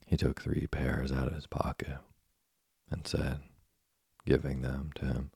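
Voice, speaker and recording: A man narrating a classic tale as a bedtime story, in a steady, soothing manner. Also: a bass voice, measured pace, no echo, studio quality. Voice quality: gravelly, husky. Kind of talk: slow bedtime story reading.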